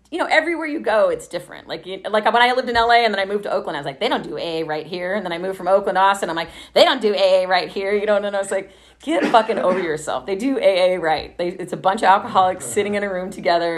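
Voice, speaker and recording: A woman's voice: mid-range voice, a bit bright. A woman from Texas telling her recovery story in a casual, chatty way, swearing freely and laughing often.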